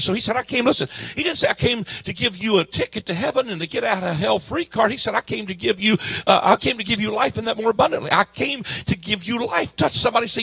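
A man preaching a fervent sermon at a church service, swinging from shouts to quiet asides in folksy grammar. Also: high voice, vocal fry, husky, dry recording. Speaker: guest preacher.

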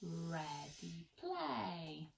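A woman's voice: lowish voice, very animated, very slow, vocal fry, faint music behind, low-quality recording. A woman teaching an online violin lesson from home, chatty and encouraging as she counts students in. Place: at home, seated. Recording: faint violin in background. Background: violin playing.

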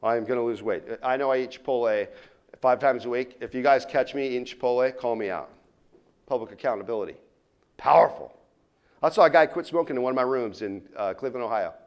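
A man giving a motivational keynote to a live audience, telling stories and swinging between loud punches and quiet asides. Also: medium pitch, quick pace. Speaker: keynote speaker. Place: conference room before a live audience.

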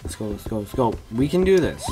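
A woman giving excitable gameplay commentary, chattering at the game and breaking into sudden yelps. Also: rumbling low, a little fast, over music. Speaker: gaming channel host. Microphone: USB desk microphone.

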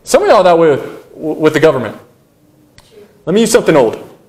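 A young adult male pastor delivers a sermon in a notably high voice. He tells stories with lively energy, drops humorous asides, and plays out his own earlier frustrations to make a point. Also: fast. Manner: animated storytelling with humorous asides; acts out his own past rants.

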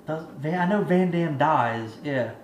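A man's voice: a little high, expressive, unhurried, a little hiss or hum. Exasperated man ranting, swearing constantly. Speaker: movie reviewer. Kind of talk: profane ranting movie review. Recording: echoey room with faint ambience.

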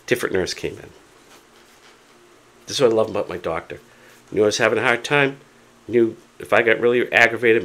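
Hard-of-hearing man telling a story. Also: on the low side. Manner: animated retelling with acted quotes. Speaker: vlogger. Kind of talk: casual storytelling to camera.

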